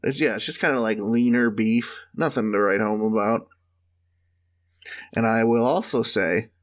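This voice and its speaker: A man's voice: on the low side, moderate pace. A man co-hosting a casual comedy podcast, riffing with silly, exaggerated jokes. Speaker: podcast co-host.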